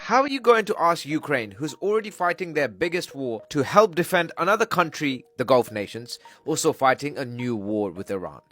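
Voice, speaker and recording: A man reading news commentary in a measured, wry tone. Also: mid-range voice, a bit bright.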